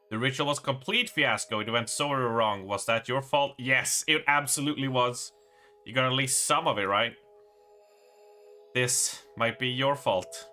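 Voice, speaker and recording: A man live-streaming a horror game, reading its narration aloud and reacting with excited exclamations and swearing. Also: mid-range voice, a little slow, faint music behind.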